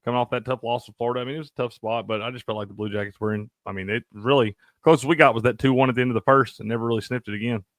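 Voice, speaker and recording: A man's voice: mid-range voice, rapid-fire, few pauses, dry recording, clean studio sound. A man co-hosting a casual sports betting chat, cursing freely and laughing often. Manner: profane, animated, laughs a lot. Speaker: sports betting show co-host.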